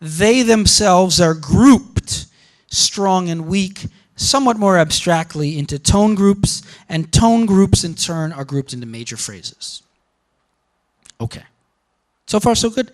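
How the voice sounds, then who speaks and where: A man lecturing on linguistics at a university, animated and emphatic, often checking in with "okay?" and "yeah?". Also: high-pitched, slow pace. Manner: animated, repeats words for emphasis, asks "okay?" and "yeah?" to the room.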